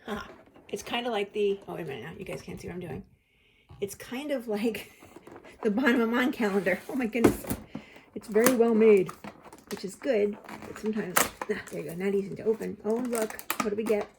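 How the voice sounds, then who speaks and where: A woman's voice: mid-range voice, brisk, creaky, noisy background. A woman hosting a casual unboxing chat, talkative and giggly as she thinks aloud. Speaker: host.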